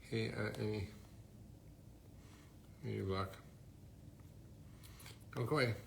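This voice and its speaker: A man's voice: on the low side, steady tone, slow, vocal fry, fairly bright tone, a little hiss or hum. Upbeat man hosting a phone livestream. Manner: chatty, upbeat, reading out viewer greetings. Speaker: host. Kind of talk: casual livestream chat.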